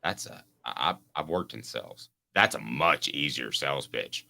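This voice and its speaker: A man's voice: a bass voice, expressive, normal speed, creaky, pushed and bright. A man hosting a casual sports talk show, rambling and joking, often restarting his sentences. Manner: rambling, joking, self-interrupting.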